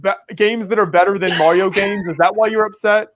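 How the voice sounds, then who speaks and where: A man's voice: sits high, steady tone, a little fast, background noise. A man with a Midwestern American accent, co-hosting a casual chat over a video call, enthusiastic and teasing. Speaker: co-host. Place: home.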